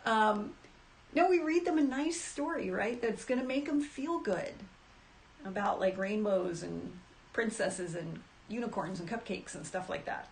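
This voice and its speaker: A woman talking casually to her audience about handling anxiety, chatty and animated, acting out little quoted asides. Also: medium pitch, moderate pace. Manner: chatty, animated, frequent restarts and acted asides. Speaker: self-help speaker. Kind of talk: casual talk to camera.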